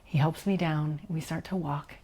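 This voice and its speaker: A woman guest recounting a personal experience in an interview, animated and giggly, acting out quotes and dropping to a whisper at tense moments. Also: low voice, moderate pace, husky. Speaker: leadership coach, guest. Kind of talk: personal storytelling in a podcast interview.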